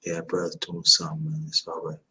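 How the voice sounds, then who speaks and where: A man in his fifties speaks in a lowish voice with a bright, forceful edge. He hosts a livestream and gives motivational advice, repeating and stressing his points like a preacher. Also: monotone, brisk, a little hiss or hum, low-quality recording. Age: 50s. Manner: emphatic and repetitive, preaching-like. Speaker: livestream host.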